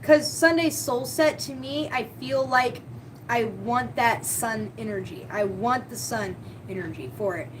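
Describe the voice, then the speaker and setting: A woman's voice: fairly high pitch, a little slow, background noise. A woman hosting a spiritual live stream, talking casually and heartfelt, often repeating her key words.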